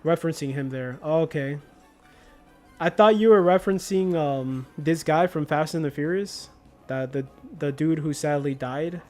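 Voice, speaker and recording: A man's voice: a little high, moderate pace, darkish tone, soft background music. A young man livestreaming a game, chatting casually and telling stories in a laid-back way with slang. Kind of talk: casual chat while gaming.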